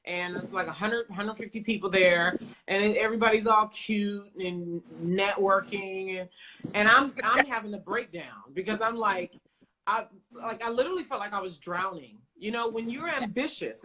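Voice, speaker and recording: A woman's voice: mid-range voice, normal speed, pushed and bright, slight background noise. A woman coach, telling a story in a blunt, emphatic way with some swearing, in a casual conversation. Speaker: business coach.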